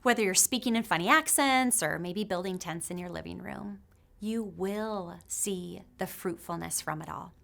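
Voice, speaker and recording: A woman's voice: on the low side, normal speed, vocal fry, a bit bright. A middle-aged woman speaking to a mothers' group in a conversational, heartfelt, faith-based talk.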